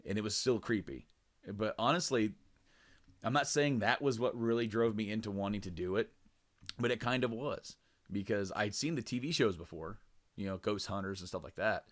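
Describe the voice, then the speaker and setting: A man's voice: lowish voice, moderate pace. A young man in casual podcast chat, rambling with lots of fillers and restarts, cursing freely and jumping into a raised voice to act out quoted lines. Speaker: podcast co-host.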